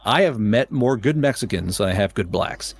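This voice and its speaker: Animated, profane ranting man. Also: on the low side, moderate pace, breathy edge. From Oklahoma, USA. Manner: heated, profane ranting with many stuttered restarts. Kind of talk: casual podcast chat.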